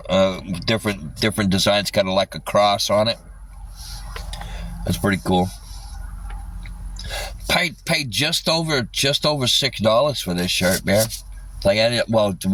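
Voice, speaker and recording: A man rambling in casual livestream chat, swearing often and halting with lots of fillers. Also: low-pitched, a bit bright, far from the mic.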